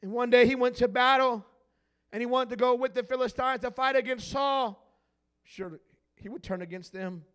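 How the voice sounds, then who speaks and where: A male pastor preaching a sermon, filling his pauses with "uh" and swinging from hushed tones to shouting. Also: very high voice, clear, resonant tone.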